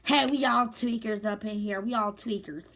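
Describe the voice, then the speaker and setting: A woman voicing an angry young woman on meth who talks tough in slow, slurred street slang. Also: high-pitched, steady tone, pitched above the performer's own voice. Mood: boastful.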